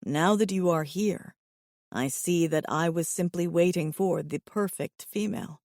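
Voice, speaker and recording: A woman voicing a gentle male alien lover. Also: fairly low pitch, dry recording, studio quality, pitched below the performer's own voice. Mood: earnest. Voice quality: gentle, earnest. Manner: slow grave measured speech. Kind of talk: audiobook character voice.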